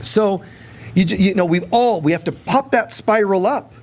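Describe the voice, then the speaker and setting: A man giving a casual spiritual teaching talk, animated and conversational, acting out quoted prayers along the way. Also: high voice, moderate pace.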